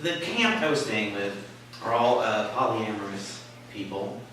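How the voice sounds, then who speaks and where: A man telling a comic personal story at a live story slam, halting and full of fillers, with a wry, self-mocking manner. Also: fairly low pitch, lively intonation, fairly bright tone. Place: small live venue with an audience. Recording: echoey room, mic far off, faint hiss.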